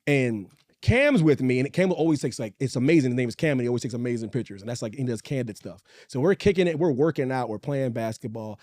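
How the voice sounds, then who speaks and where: A middle-aged man co-hosting a podcast, telling a story in casual chat and acting out the quotes. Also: fast talker. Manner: animated, acts out quotes with big pitch jumps. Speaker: podcast co-host. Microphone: studio mic.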